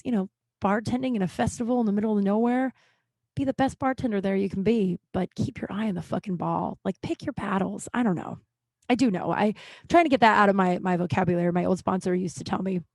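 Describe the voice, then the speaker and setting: A woman hosts a solo podcast in a casual, rambling monologue, full of swearing and restarted sentences. Her pitch sits in a middle range for a woman. The sound is dry and close, with no room echo. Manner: candid and profane, motivational, rambling with many restarts. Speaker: podcast host.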